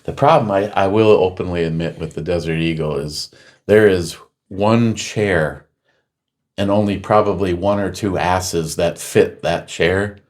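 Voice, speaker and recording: A middle-aged man hosting a casual chat show, rambling through stories and loudly acting out what people said. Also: low-pitched, a little slow. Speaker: podcast host.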